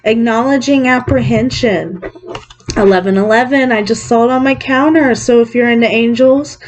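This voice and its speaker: A woman giving a pick-a-card psychic reading in a gentle, reassuring, chatty way, sometimes correcting herself. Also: fairly high pitch, normal speed. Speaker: psychic tarot reader.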